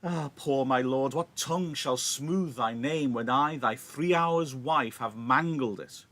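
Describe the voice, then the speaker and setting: A male teacher reading the lines of a passionate, grief-torn young woman, declaiming verse with loud drama. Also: medium pitch, unhurried, voice pushed up, natural voice. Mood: anguished. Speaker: teacher reading a play aloud.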